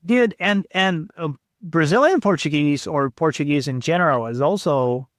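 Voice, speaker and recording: A man's voice: fairly high pitch, moderate pace, fairly bright tone, no room sound, studio quality. A man hosting a podcast, telling travel stories in a laid-back casual way, swearing and saying "dude.". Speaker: podcast host. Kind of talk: casual storytelling chat.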